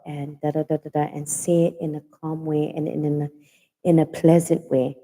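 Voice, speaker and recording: A woman from Hawaii with a Pidgin-tinged accent talks casually to her livestream viewers, going over her points again and again. Her voice sits low and sounds deeply mellow. A long reverb trails behind her words. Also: flat delivery, normal speed. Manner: chatty, repeats herself for emphasis. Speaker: livestream host. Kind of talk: casual chat.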